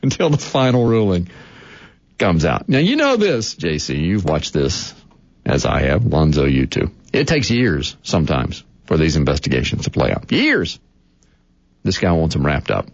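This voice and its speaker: Lively, amused sports radio host man. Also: low voice, normal speed, creaky, no echo, highs cut off. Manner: lively, amused, laughs while reading.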